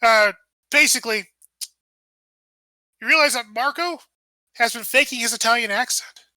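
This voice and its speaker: A woman narrating as game master of a tabletop game, thinking aloud with a halting manner. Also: on the high side, bright, forceful tone, no room sound.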